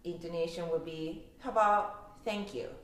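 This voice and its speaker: A young woman from Osaka, a language teacher with a Japanese accent, gives a casual pronunciation lesson and laughs often. Her voice is on the low side at a moderate pace, and the room she records in is very echoey.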